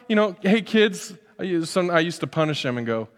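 Animated male pastor in a reverberant hall. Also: fairly high pitch, brisk, hardly any pauses. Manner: animated, acts out voices and asides. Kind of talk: sermon.

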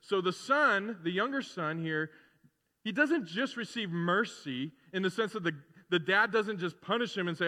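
A middle-aged man preaching a sermon as pastor in a conversational way, building to loud, emphatic repetition. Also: high voice, lively intonation, moderate pace. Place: church sanctuary. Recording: long hall reverb in a church.

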